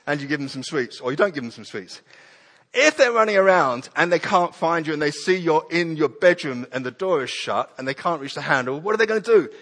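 Male preacher, animated sermon delivery, long hall reverb. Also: on the high side, a little fast. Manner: animated, acts out prayers and children's voices.

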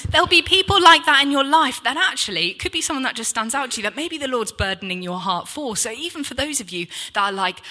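A woman, preaching in church and telling a personal story in a chatty, animated way, acting out the dialogue. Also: on the high side, fast, few pauses. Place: church hall.

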